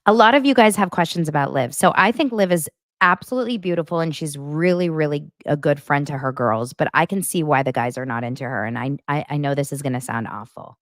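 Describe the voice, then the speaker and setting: A young adult woman hosting a casual pop-culture recap show, gossipy and animated as she acts out what people said in mocking voices. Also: low voice, fairly quick, no room sound, studio quality. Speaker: podcast host.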